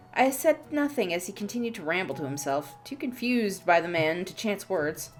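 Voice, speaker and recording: A woman hosting a let's play, reading a visual novel's narration aloud in an expressive storytelling manner. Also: medium pitch, moderate pace, hardly any pauses, soft background music.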